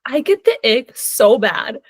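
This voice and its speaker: A woman co-hosting a book podcast in casual chat, animated and quick to laugh, telling stories with many "like" fillers. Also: high voice, dry recording. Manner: animated, laughs often, filler-heavy storytelling. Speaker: podcast co-host. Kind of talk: casual chat about books.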